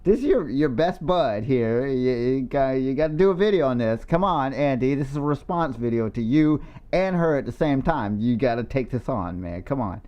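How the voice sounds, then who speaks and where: A man's voice: mid-range voice, animated, moderate pace, a little mellow, highs cut off. Give me a crude, sarcastic man heckling a video, voice rising and falling a lot. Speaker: reaction video commentator. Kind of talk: profane mocking commentary over a clip. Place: lives in South Carolina.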